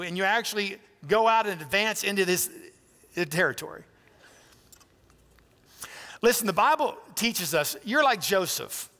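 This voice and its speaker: A man's voice: high voice, bright, forceful tone, in a large hall. A man pastor preaching a sermon in a church, in a conversational, emphatic way with direct appeals to listeners. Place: church sanctuary.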